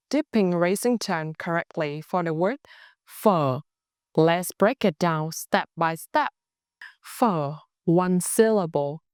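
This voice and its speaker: Slow, clear Northern Vietnamese woman teacher. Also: on the low side, darkish tone, no echo, studio quality. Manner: slow and deliberate, models sounds for repetition. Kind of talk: slow, careful pronunciation lesson.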